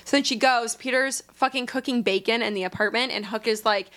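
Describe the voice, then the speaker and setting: A young woman casually retelling a novel's plot on a podcast, animated and profane, jumping into character voices. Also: a little high, fairly quick. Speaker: podcast co-host. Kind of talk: casual book review chat.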